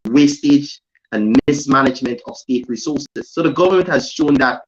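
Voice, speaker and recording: A man's voice: medium pitch, normal speed, a little hiss or hum. Man explaining policy on a dull line. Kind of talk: talk show commentary.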